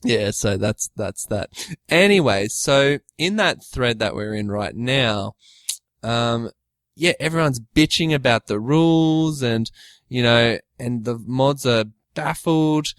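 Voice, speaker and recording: A man's voice: medium pitch, lively intonation, slow pace, dry recording. Joking man co-hosting a podcast. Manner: joking, rambling, giggly. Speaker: podcast co-host. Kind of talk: casual chat.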